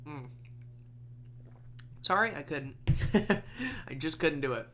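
A man's voice: fairly high pitch, expressive, takes it slowly, bright, forceful tone, slight background noise. A young man vlogging in a rambling, casual chat, full of fillers and wry grumbling.

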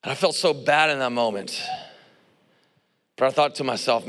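Animated male preacher in a reverberant hall. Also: mid-range voice, moderate pace. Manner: animated storytelling, acting out quotes, frequent laughs and asides. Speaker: pastor. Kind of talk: sermon with personal story.

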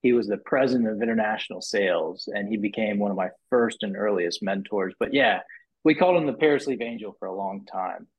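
A man guest on a podcast, telling his story in a casual, animated way, with many restarts and repeated "you know"s, and his voice rising high when he acts out what others said. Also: a little fast, breathy edge. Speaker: podcast guest, business owner. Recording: muffled lo-fi podcast audio.

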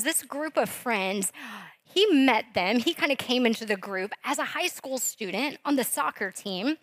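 A woman preaching in a loose, conversational way, with a voice pitched a little high for a woman. She tells stories with plenty of asides to the congregation. The sound is dry and close, with little room echo. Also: fairly bright tone. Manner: chatty and informal, with many fillers and asides to the congregation. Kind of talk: conversational sermon storytelling.

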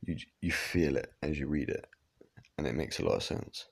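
A man's voice: extremely low pitch, expressive, moderate pace, gravelly, breathy edge. A man giving rambling, casual reaction commentary, swearing now and then. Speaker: reaction vlogger.

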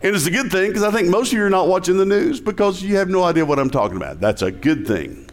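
A man with a Southern US accent preaching a sermon. His voice sits a little high for a man, and he preaches in an easy, conversational way. He often turns to ask the congregation questions. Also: very animated, quick pace. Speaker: pastor.

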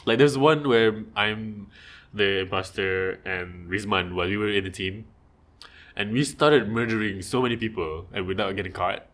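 A man's voice: lowish voice, moderate pace. A man tells stories in a loose, chatty way. He laughs a lot as he talks and slips into the voices of the people he is quoting. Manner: laughs often, animated retelling with quoted voices. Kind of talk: casual storytelling chat.

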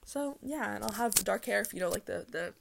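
Young woman rambling on her own podcast, bit of vocal fry, lots of ums and restarts. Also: medium pitch, lively intonation, brisk, noisy background. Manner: rambling and chatty, with frequent ums, restarts and laughs. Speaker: podcast host. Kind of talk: casual solo podcast chat.

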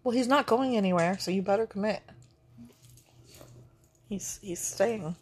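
A woman's voice: mid-range voice, unhurried, breathy edge. A middle-aged woman chatting casually, a gushing grandmother with lots of fillers. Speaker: vlog co-host, grandmother. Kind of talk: casual breakfast chat.

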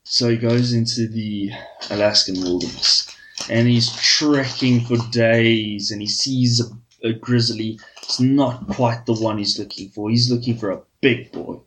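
A man's voice: medium pitch, fairly even intonation, unhurried, a bit bright, slight background noise, poor audio. Crude rambling man telling a joke. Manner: crude, swears freely, rambling with fillers like "flippin'" and "right?". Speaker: podcast host.

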